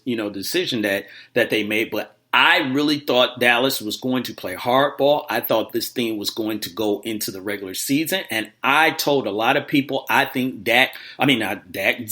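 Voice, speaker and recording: Man, sports talk host, bright tone, rambling, casual, lots of restarts. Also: mid-range voice. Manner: rambling, animated, with many fillers and restarts.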